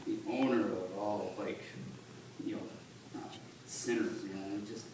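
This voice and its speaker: A man's voice: fairly low pitch, steady tone. Earnest man speaking in an echoey church. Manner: halting, conversational, earnest. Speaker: church member giving testimony. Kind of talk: personal testimony at church. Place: church sanctuary. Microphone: phone in the congregation. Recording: echoey church on a distant phone, noisy.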